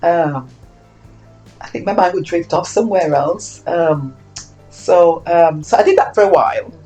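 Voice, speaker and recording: An older woman from Saint Kitts, interviewed about her life, speaking reflectively and growing animated as she acts out old exchanges. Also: lowish voice, a little slow, soft background music, poor audio. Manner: reflective, animated when acting out quoted exchanges. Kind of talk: oral history interview.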